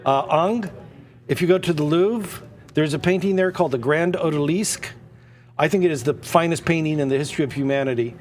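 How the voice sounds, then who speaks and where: A man hosting a live-streamed art auction, excitable and prone to rambling tangents. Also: on the high side, brisk. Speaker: auction host.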